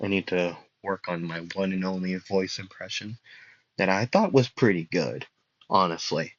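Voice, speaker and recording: A man's voice: low-pitched, normal speed, dry recording, muffled recording. A young man telling a fan story in a casual, rambling, jokey way, often stopping to correct himself.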